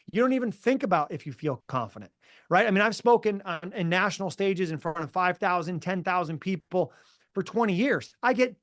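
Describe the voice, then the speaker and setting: A man who works as a mental performance coach, telling stories in a podcast interview in an energetic, emphatic, motivational way. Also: a little high, dry recording, clean studio sound.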